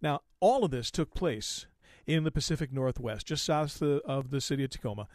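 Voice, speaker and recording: A man hosting an automotive podcast, telling a story in a folksy, animated way and acting out the quoted lines. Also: mid-range voice, a little fast, dry recording, studio quality. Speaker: podcast host.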